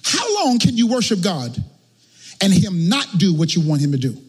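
A male pastor delivers a sermon in church with a strikingly high, raspy voice. His pitch leaps and dives as he chants his points in a half-sung cadence, punching the peaks with shouts. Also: very animated, moderate pace, in a large hall.

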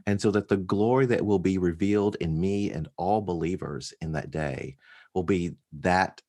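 A man who is a pastor, talking thoughtfully about his sermon in a casual conversation, pausing often with ums and lifting his voice on key points. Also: low voice, darkish tone, slightly rough. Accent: African American. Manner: thoughtful, pausing with many ums, rising with emphasis.

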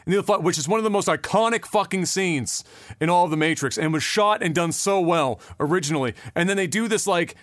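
Guy with a high voice ranting on a podcast, swears a lot, lots of uh and like, dry close sound. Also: brisk, fairly bright tone, no room sound. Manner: rambling, profane, with many fillers and restarts. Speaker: podcast co-host. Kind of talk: casual chat.

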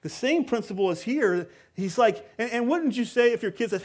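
Preaching at normal speed and barely pausing, a male pastor with a fairly high voice chats with the congregation in a relaxed manner. Then he presses down on important words and repeats phrases for effect.

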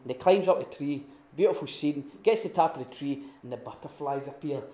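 A man giving an informal teaching talk at a retreat, telling stories with lively restarts and acted-out quotes. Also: fairly high pitch, brisk. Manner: animated storytelling with many restarts and acted-out quotes. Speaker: retreat speaker. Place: room at a retreat. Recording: echoey room.

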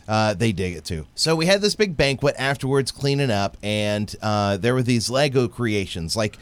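A man's voice: medium pitch, normal speed, clear, resonant tone. A man in his thirties co-hosting a casual podcast, telling stories with plenty of swearing. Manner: profane, animated storytelling. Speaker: podcast co-host. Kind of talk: casual chat.

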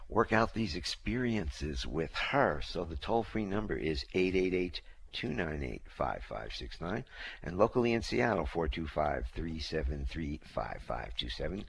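A man's voice: low-pitched, gravelly, slightly rough. A man co-hosting a call-in radio show, announcing in an upbeat promotional way and repeating phone numbers. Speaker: radio co-host.

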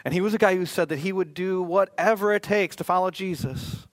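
A man's voice: high voice, fairly quick, no room sound. Chatty male pastor preaching. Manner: conversational, joking asides. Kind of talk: sermon.

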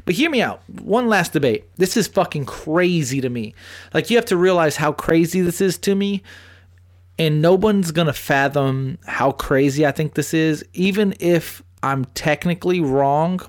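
Man, podcast host, slightly high pitch, crude, animated storytelling. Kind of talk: casual chat.

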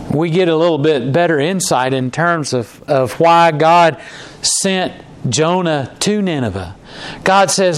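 Man preaching in a chatty, halting way. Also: on the high side, a little hiss or hum. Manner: conversational, repeats and restarts words, acts out quoted lines. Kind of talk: sermon.

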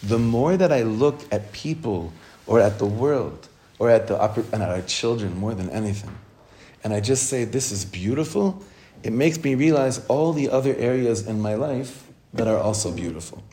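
A man's voice: medium pitch, lively intonation, moderate pace, dark tone. A man teaching a Torah class for women as a rabbi, heartfelt, questioning his listeners and repeating phrases for emphasis, with Hebrew terms mixed into his English. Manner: asks the listeners questions, then answers them.

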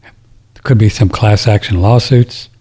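Man, talk radio host, very dark mellow tone, rambling, indignant. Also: fairly low pitch, fairly even intonation, a little slow, husky. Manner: rambling, indignant, restarts sentences. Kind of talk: casual talk radio monologue.

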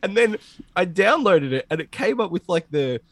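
A man co-hosting a podcast, telling a story in casual chat with lots of swearing and an animated delivery. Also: high voice, normal speed, no echo. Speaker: podcast co-host. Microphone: home computer setup over a call.

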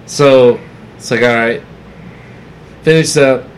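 A podcast co-host telling a rambling story in casual chat, stopping and restarting as he goes. His pitch sits in the ordinary male range. Faint background noise hums behind him. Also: fairly even intonation. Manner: halting, rambling storyteller, profane.

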